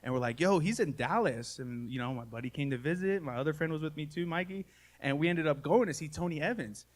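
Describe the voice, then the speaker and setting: Onstage at a live comedy show, a thirtysomething man with a slightly high voice keeps a quick pace as he jokes about his family. A stand-up comic and podcast host, he leans on a folksy, self-mocking delivery heavy with "y'all" and "man."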